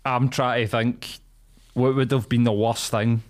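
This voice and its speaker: A man's voice: mid-range voice, little pitch movement, unhurried. A man with a Glaswegian accent, co-hosting a podcast and swapping rude stories with a laugh. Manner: sweary, laughing storyteller. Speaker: podcast co-host. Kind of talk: casual chat.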